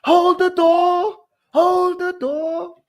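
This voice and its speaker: A man imitating a desperate giant who cries out the same plea over and over in a strained, high voice. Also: level tone, very slow, exaggerated voice. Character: desperate giant man crying one phrase.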